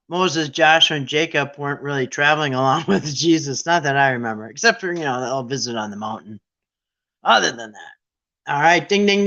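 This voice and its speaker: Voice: medium pitch, bright, forceful tone, dull audio. A quiz game host in casual, playful chat, with irreverent, sarcastic asides.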